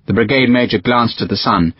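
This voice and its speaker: A man narrating a war novel as a scripted audiobook reading, with expressive storytelling. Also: brisk, slightly rough, dry recording. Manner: expressive storytelling with varied pitch. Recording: dull, dry audiobook recording.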